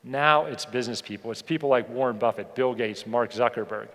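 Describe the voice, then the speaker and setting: A man giving a motivational keynote speech to an audience. He asks them rhetorical questions and slows down to stress key points. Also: mid-range voice, fairly even intonation, a bit bright. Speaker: keynote speaker. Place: large hall on stage. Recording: long hall reverb.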